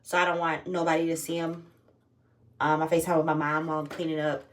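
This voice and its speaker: A woman's voice: low voice, little pitch movement, quick pace, far from the mic. A young woman talking casually and candidly to her phone camera at home, swearing freely as she tells a personal story. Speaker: vlogger.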